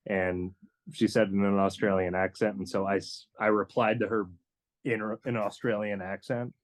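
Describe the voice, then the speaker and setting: Man, band member, low voice, rambling, many "you know"s, joking, casual podcast chat. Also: flat delivery, moderate pace.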